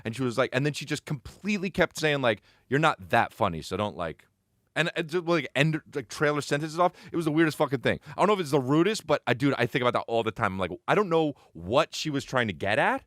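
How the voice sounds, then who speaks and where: A man on a podcast, telling a story in lively casual chat, acting out what others said and swearing freely. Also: mid-range voice, quick pace, no room sound, clean studio sound. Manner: animated storyteller, acts out quotes, swears often. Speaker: guest comedian. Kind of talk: casual podcast chat, later whispered ASMR bit.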